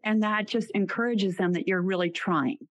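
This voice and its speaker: A woman's voice: medium pitch, moderate pace, no echo. A woman who is a podcast host and clinician, interviewing a guest in an affirming, reflective way.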